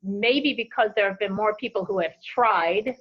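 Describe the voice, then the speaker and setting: A woman at mid pitch answers interview questions as head of a clothing company. She tells her business stories in an animated way and acts out the voices of the people in them. The audio is dull and lo-fi. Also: normal speed. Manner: animated anecdotes with lively quoted voices. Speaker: CEO of an apparel company, interview guest. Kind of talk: conversational interview, storytelling.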